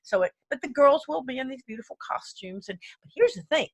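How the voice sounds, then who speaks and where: Speaking with a high, animated voice that has a breathy edge and moves a little fast, a female music lecturer runs a casual online lesson. She's chatty and enthusiastic, wanders off topic, and counts beats as she plays the keyboard, faintly audible in the background.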